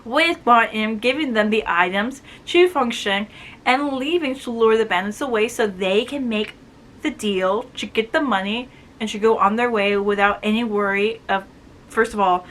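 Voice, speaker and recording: Female book vlogger, bright and forward tone, gushing and chatty, leans on "like" a lot. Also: medium pitch, moderate pace. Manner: excitable, gushing, peppered with "like". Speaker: book reviewer. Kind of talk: casual spoiler-filled book review.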